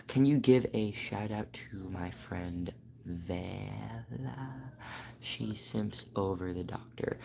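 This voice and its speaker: A man's voice: on the low side, vocal fry. A man, a voice actor streaming live from home, chatting casually with his viewers. He jokes and stammers while reading chat aloud.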